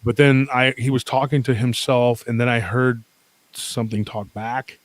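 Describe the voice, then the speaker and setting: A man telling a long personal story as a podcast guest, rambling and animated, with many fillers and restarts. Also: medium pitch, normal speed, no echo.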